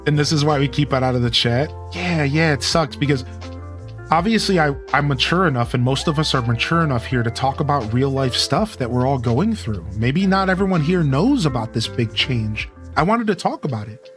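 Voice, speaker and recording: A man's voice: medium pitch, lively intonation, a little fast, fairly bright tone. A laid-back male streamer in casual conversation with his chat, speaking in an easygoing, friendly way. He talks directly to his viewers while faint music plays underneath.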